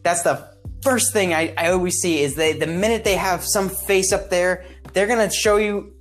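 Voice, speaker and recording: A man's voice: sits high, moderate pace, soft background music. A man appearing as a podcast guest, talking casually in a rambling, opinionated way and often restarting his sentences. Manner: rambling, opinionated, self-interrupting.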